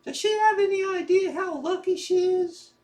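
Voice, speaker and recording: A woman plays a blunt, teasing friend in an audio drama, someone who hides a soft side. Her voice is very high, and she delivers her jabs plainly, with no fuss. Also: normal speed.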